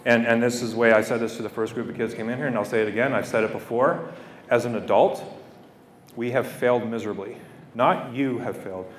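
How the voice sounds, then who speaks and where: Speaking a little fast in a mid-range voice, a middle-aged guest speaker from Canada addresses students with heartfelt words, repeating phrases for weight. The distant recording catches the echo of a school hall or gym along with a little hiss or hum.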